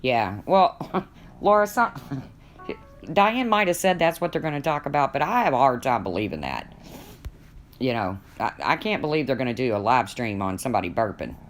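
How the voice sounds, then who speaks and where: A woman's voice: very deep voice, sing-song, moderate pace, a little hiss or hum. A woman hosting a casual live stream from home, gossiping with viewers and talking to her pets in between.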